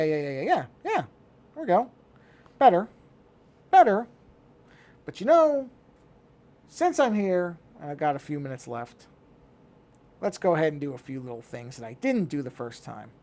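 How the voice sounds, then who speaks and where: A man's voice: medium pitch, vocal fry, a little mellow, slight background noise. A middle-aged man talking casually to himself as he works on a digital drawing, muttering and thinking aloud. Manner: talks to himself while working, muttering. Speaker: digital artist.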